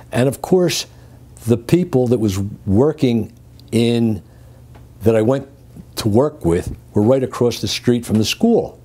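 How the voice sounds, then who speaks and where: An older Greek man, interviewed as a guest, recounts his working life through lively, chuckling stories. His voice is medium-pitched and husky.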